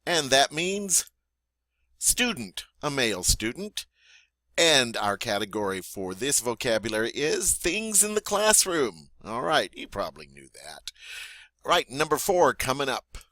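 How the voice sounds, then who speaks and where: A French teacher with a bright, forward voice leads a vocabulary lesson, pronouncing each word slowly and clearly and pausing so students can repeat. He's friendly and encouraging, his pitch rises and falls lively, and the sound is dry and close with no room echo.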